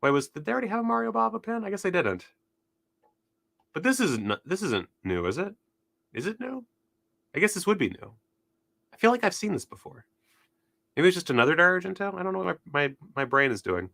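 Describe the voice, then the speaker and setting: Excitable, profane man with a bright voice. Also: sits high, a little fast, creaky, pauses often, no echo. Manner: excitable, profane, rambling, loses his train of thought. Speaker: cult film video host. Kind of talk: casual unscripted browsing commentary.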